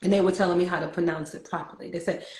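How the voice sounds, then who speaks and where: A woman with a New York accent hosting a casual spiritual chat, talkative and quick to laugh. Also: lowish voice, fairly even intonation, roomy sound, rough recording. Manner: chatty, laughs easily, reflective.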